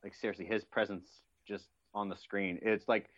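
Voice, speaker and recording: A man co-hosting a casual movie commentary, speaking in an excitable, casual way with some swearing. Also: fairly low pitch, moderate pace. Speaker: podcast co-host. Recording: slightly dull, lo-fi sound.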